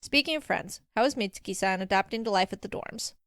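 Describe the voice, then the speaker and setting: Woman reading a gentle, caring mother. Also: medium pitch, fast, no echo, clean studio sound, close to an everyday voice. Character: warm, caring middle-aged mother.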